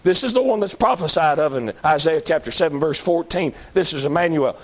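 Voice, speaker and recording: High-pitched preacher, folksy and emphatic. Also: male voice, fairly quick. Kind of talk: sermon.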